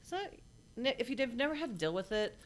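A woman as an interview guest, telling a personal story in a blunt, matter-of-fact way with halting restarts. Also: on the high side, animated. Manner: halting, with many restarts and fillers.

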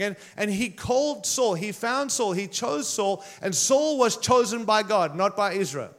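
A man preaching a sermon to a congregation, retelling a story in an energetic, conversational way. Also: high voice, normal speed, hardly any pauses.

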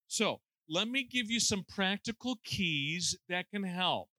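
A man's voice: high voice, big pitch swings, measured pace, bright, forceful tone, dry recording. A man in his sixties preaching a conversational sermon with folksy, self-deprecating humor and lots of fillers. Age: 60s.

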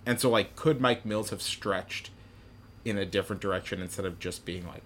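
Young male co-host, low-pitched and chatty, slight room hiss, loose filler-heavy delivery. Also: moderate pace. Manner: rambling, many "like" fillers, acts out quotes. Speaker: podcast co-host discussing a film. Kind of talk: casual chat.

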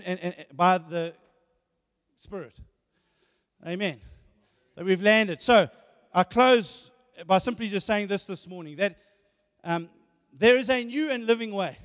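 A man preaching a sermon, animated, often repeating words and asking rhetorical questions. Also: high-pitched. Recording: hall reverb.

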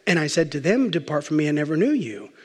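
A man preaching, voicing a stern Jesus turning souls away at judgment, solemn and measured, sinking low at the end. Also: very animated, darkish tone, husky. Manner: solemn, measured, dropping low on the final words. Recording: long reverb of a large hall.

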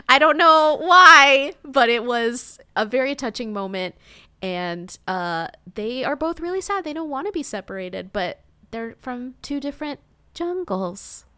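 A woman co-hosting a podcast, recapping a movie in casual chat, animated and swearing, laughing often. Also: fairly high pitch, a little slow, smooth. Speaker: podcast co-host.

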